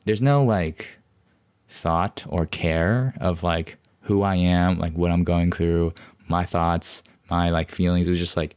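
A man's voice: low-pitched, steady tone, slow, darkish tone, clean tone. A young man hosting a podcast, rambling through a personal story with many fillers and restarts, frustrated and defensive. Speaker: podcast host.

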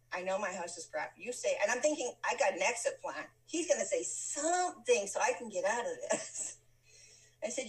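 A woman telling a personal story in a casual chat, laughing often and acting out the lines of people in it. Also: mid-range voice. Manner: lively, laughs often, acts out quoted lines. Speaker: guest telling a life story. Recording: voice from a distant mic.

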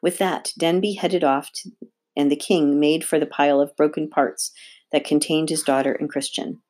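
A woman reading a children's novel aloud with steady, expressive narration. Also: low voice, moderate pace. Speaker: audiobook reader. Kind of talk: read-aloud storybook narration.

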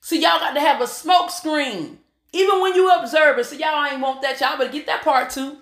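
Woman, motivational speaker, high pitch, bright tone, preachy call-and-response. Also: normal speed. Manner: preachy, call-and-response, addresses listeners as y'all and honey. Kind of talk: motivational talk.

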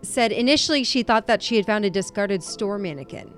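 A woman's voice: medium pitch, animated, fairly quick, soft background music. A woman co-hosting a casual true-crime podcast, chatty and self-deprecating, laughing often. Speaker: podcast co-host.

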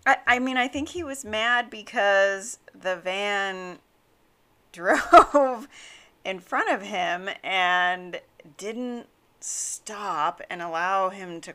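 A woman's voice: medium pitch, bright, forceful tone, smooth. A woman hosting her own podcast, telling a story in a chatty way with frequent laughs and fillers. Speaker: podcast host. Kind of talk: casual storytelling monologue; scripted show intro.

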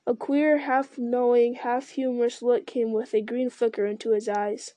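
Woman reading a fantasy book out loud, calm, mellow voice, fairly high, dry sound. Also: moderate pace, few pauses, dry recording. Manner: calm storytelling with small slips. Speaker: reader. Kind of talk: reading a fantasy novel aloud.

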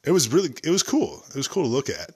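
A man's voice: medium pitch, very animated, fast, darkish tone, husky. A young man hosting a solo podcast, rambling and joking about himself. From United States. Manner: joking, rambling, self-deprecating. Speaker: podcast host.

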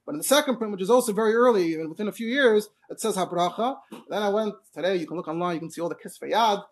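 Male Torah teacher. Talks fast and explains things with lots of asides. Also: sits high. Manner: rapid, explanatory, full of fillers and asides. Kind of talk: Torah class on Hebrew pronunciation.

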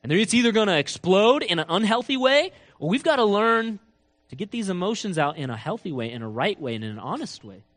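A man preaching a sermon, telling a story with lively acted-out quotes and big swings between soft and loud. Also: fairly quick. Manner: animated storytelling, acts out quotes with big swings in pitch and loudness. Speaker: pastor.

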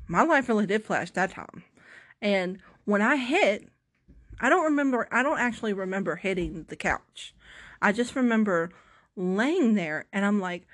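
Young woman, casual vlog storyteller; theatrical, self-deprecating, rambly delivery. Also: medium pitch. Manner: self-mocking, dramatic, rambling with restarts. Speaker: vlogger.

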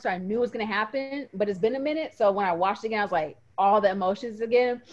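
A woman co-hosting a podcast, casually and emotionally retelling favorite moments with lots of fillers. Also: a little high. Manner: animated, emotional storytelling with fillers. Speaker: podcast co-host. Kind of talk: casual chat. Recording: muffled lo-fi audio.

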